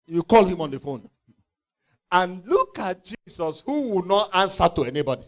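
A man's voice: sits high, big pitch swings, moderate pace. A male preacher, giving an impassioned sermon and acting out the scripture scenes in voices.

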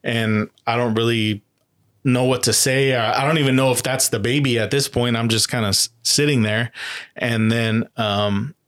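A man telling a personal story in a halting, casual way, with many fillers and restarts. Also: medium pitch, steady tone, fairly bright tone. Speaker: guest, adoptive parent.

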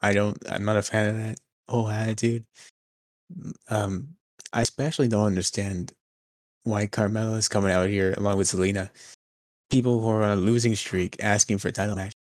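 A young man with a low voice walks through a wrestling recap, dry and deadpan as he keeps the chat on track. His voice sits close and dry, with no room sound. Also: fairly quick, no echo. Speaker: podcast co-host.

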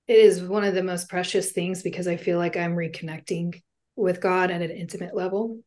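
A woman with a somewhat low voice tells her faith story as an interview guest. She speaks earnestly and from the heart, in a loose conversational way with the odd "um" and "like". Her testimony is personal and sincere. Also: a little mellow. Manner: earnest and heartfelt, with casual fillers.

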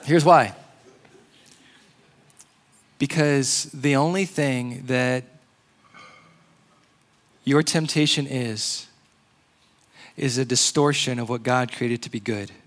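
A man's voice: mid-range voice, slow pace, long pauses. Casual, conversational male preacher. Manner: conversational, animated, uses "like" a lot. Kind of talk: casual sermon.

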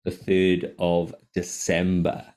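A man's voice: sits low, slow. A man hosting a podcast in casual chat, telling stories with constant swearing and frequent laughter. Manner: animated storytelling, heavy swearing, frequent laughter. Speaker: podcast host.

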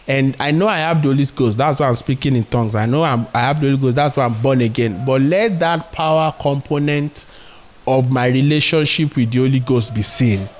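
A man's voice: mid-range voice, brisk. A man preaching a sermon earnestly, asking rhetorical questions and retelling stories.

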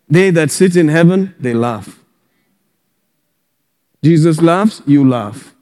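Slow, exuberant male preacher in a hall. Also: a little high, animated. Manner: exuberant preacher, bursts of loud laughter and whoops. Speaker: pastor. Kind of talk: sermon.

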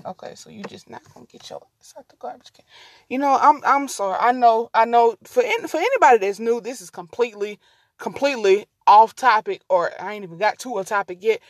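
A woman hosts a casual solo podcast, her voice sitting a bit high. She rambles and drifts off track easily, talking to listeners as y'all. The sound is close and dry, with no room echo. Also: lively intonation, brisk. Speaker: podcast host.

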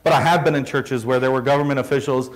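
A man's voice: mid-range voice, steady tone, quick pace, rough recording. A man, a pastor preaching a sermon with emphatic rhetorical questions and repeated phrases.

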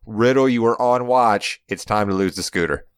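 A man co-hosting a casual podcast about wrestling over a remote call. He talks in an animated, joking way and wanders off into long asides. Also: fairly low pitch, normal speed, clean tone, dry recording, clean studio sound. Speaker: podcast co-host.

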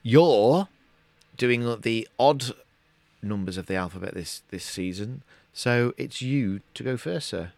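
A man's voice: mid-range voice, animated, slow pace, gravelly, darkish tone, no echo. A middle-aged man co-hosting a podcast, rambling in casual chat with lots of restarts and hesitations. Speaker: podcast co-host.

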